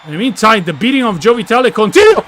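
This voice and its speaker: A man calling a video game wrestling match with excitable, yelling play-by-play and slips in English grammar. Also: high voice, fast, slight background noise. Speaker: commentator and wrestler persona.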